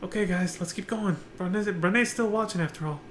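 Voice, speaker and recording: A streamer offers playful live commentary over a game playthrough, cracking jokes, giggling in asides and jumping into character voices. The mid-range voice is brisk, set in an echoey room with a little hiss or hum, and game music plays behind it.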